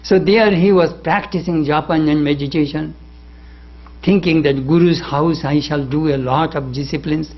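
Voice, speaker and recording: A man's voice: fairly high pitch, steady tone, moderate pace, muffled recording. A monk giving a devotional lecture, telling stories and rising animatedly when he quotes. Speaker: monk lecturing on spiritual life.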